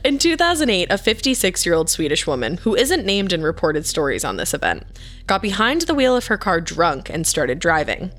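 A woman's voice: on the low side, big pitch swings, a bit bright. Playful woman podcast co-host. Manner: playful, quick reactions, teasing. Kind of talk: casual true-crime chat.

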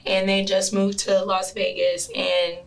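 A woman's voice: mid-range voice, level tone, a little slow, creaky, low-quality recording. A woman in her thirties, co-hosting a podcast and telling a true crime story in a chatty way, with asides. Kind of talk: casual chat.

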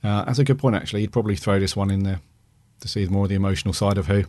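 A low-voiced man co-hosts a fan podcast, reading out listener reviews in an easygoing manner with plenty of ums and uhs. The recording is dry and close. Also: racing, no room sound. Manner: relaxed, reads aloud with fillers. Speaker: podcast co-host.

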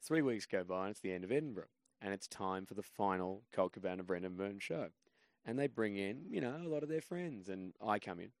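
A man with a fairly low voice tells rambling, self-deprecating stories as a podcast guest. He sounds casual and chatty. The close mic gives a dry sound with no room echo. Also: animated, a little fast. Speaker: guest comedian.

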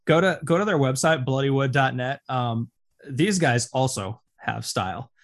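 A man's voice: mid-range voice, lively intonation, moderate pace. Chatty male podcast co-host. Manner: enthusiastic, rambling with fillers. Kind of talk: casual chat.

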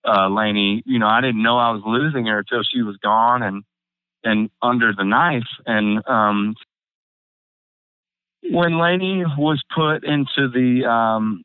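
Young guy, halting and near tears, smooth voice, tinny phone-like line. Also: medium pitch, no echo. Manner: halting, many restarts and fillers, near tears. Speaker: guest. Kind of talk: emotional personal storytelling. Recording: phone-like narrow band, dry.

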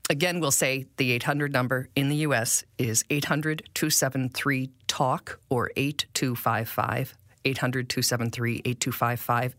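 A woman's voice: extremely low pitch, a bit bright, dry recording, studio quality. A woman co-hosting a podcast in a chatty, reflective way, often repeating her phrases. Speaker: podcast co-host.

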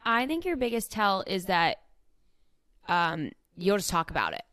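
A woman's voice: mid-range voice, sing-song, unhurried, a bit bright, dry recording, clean studio sound. A woman co-hosting a podcast, chatting affectionately with many fillers. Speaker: podcast co-host. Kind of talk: casual chat.

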